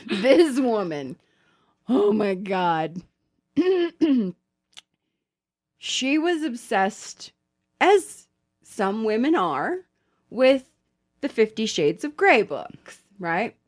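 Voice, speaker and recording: A woman's voice: fairly high pitch, drawn-out words, long pauses. A woman hosting a podcast, telling stories in casual chat with plenty of swearing. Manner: animated, profane storytelling. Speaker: podcast host.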